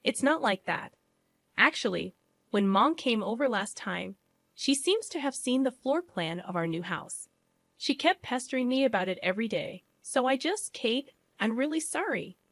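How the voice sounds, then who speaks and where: A woman's voice: fairly high pitch, very animated, normal speed, no room sound. A woman voicing a young husband who speaks firmly and earnestly in defense of his wife. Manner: firm, earnest. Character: young husband, firm and protective.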